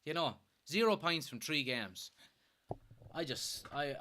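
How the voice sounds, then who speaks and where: An Irishman from Kilkenny hosts a live football watchalong, reading out viewer comments and reacting with exasperation and lots of swearing. His voice is a little high, expressive and forceful with a bright tone, his pace is slow, and there's a slight hiss or hum.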